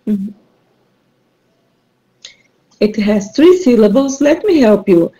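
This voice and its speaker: A woman's voice: medium pitch, expressive, normal speed, mellow, lo-fi sound. A woman teaching English online, running a rhyming word game and patiently repeating clues and praising her students.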